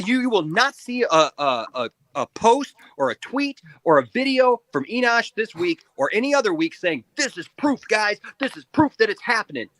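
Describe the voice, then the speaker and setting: A man's voice: very high voice, a bit bright, dry recording. A man co-hosting a live stream, arguing emphatically and repeating himself as he pleads his point in a heated debate. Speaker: stream co-host.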